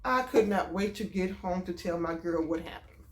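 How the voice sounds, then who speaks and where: A woman telling a storytime vlog about a date, animated and exclaiming as she goes. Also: fairly low pitch, normal speed. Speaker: vlogger. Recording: roomy echo.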